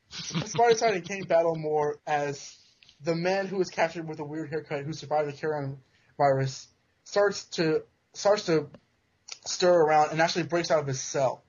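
A man's voice: a little high, moderate pace, a little mellow, a little hiss or hum. A man casually recapping a comic book on a podcast, joking and restarting his sentences, in a dull lo-fi recording. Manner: joking, self-interrupting storyteller. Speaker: podcast co-host. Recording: dull lo-fi sound.

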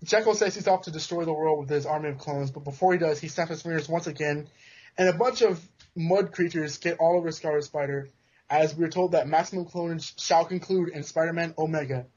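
A man with a slightly high, husky voice retells a comic book plot, jokey and full of quick restarts. The recording sounds dull and lo-fi, as on a home podcast. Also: darkish tone. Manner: joking, self-interrupting storyteller. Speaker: podcast co-host. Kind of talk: casual comic-book recap.

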